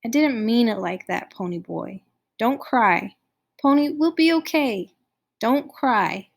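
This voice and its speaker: A woman's voice: fairly high pitch, animated, slow, vocal fry, exaggerated voice. A woman voicing a scared, guilt-ridden teenage boy who talks in a quavering, pleading way. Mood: distressed.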